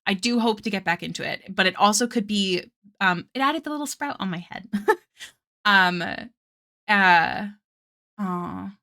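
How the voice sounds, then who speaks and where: Girl streamer rambling to chat while she draws, bright sharp voice, lots of ums and giggles. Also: medium pitch, expressive, a little slow, pauses often. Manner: rambling, with many fillers and frequent giggles; chats with live viewers between tangents. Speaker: art streamer. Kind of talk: casual chat while drawing.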